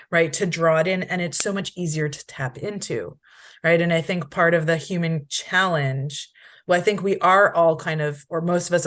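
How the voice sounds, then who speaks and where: Reflective woman podcast host, low voice. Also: fairly bright tone. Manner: reflective, thoughtful, says "you know" and "right". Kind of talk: casual podcast conversation.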